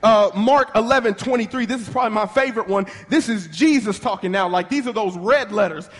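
Animated preacher, high-pitched man, call-and-response delivery; recorded with long church reverb. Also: a little fast. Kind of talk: sermon.

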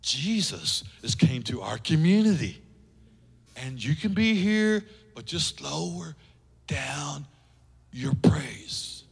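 A man voicing a prim male dignitary who pleads in a hushed, urgent way, with long church reverb. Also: fairly high pitch, sing-song, takes it slowly, vocal fry, husky, voice pushed down, full character voice. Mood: hushing. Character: hushing male town dignitary, prim and fussy.

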